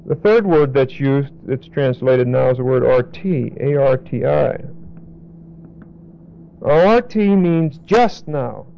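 A man teaching a Bible lesson verse by verse, deliberately repeating and spelling out key words. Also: mid-range voice, creaky. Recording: dull lo-fi recording.

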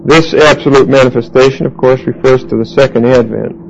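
A man teaching a Bible class verse by verse, halting with fillers and restarts and putting questions to his listeners. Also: medium pitch, steady tone, creaky, muffled recording, slight background noise.

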